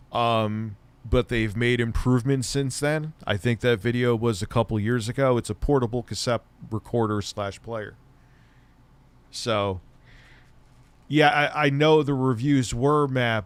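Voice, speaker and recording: A man's voice: mid-range voice, clean tone. A man streaming from home, chatting casually, blunt and sarcastic with lots of swearing, and a bit stoned. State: stoned, voice lower than usual. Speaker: streamer and tech commentator. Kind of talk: casual profane live-stream chat.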